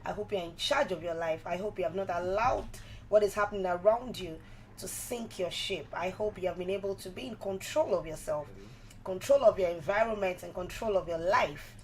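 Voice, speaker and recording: A woman's voice: lowish voice, a little fast, a little hiss or hum, poor audio. Chatty woman hosting radio. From Nigeria. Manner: chatty, asks listeners repeated questions. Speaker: radio host, mental health advocate. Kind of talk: live radio monologue. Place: radio studio.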